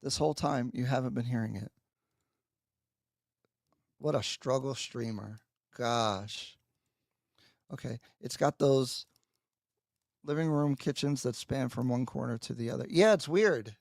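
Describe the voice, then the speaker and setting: A man's voice: medium pitch, a little slow, pauses often, a little mellow, no echo, studio quality. A man hosting a live stream, chatting casually and mocking himself while he talks to his viewers. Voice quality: gravelly, husky. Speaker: livestream host. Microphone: headphones with mic.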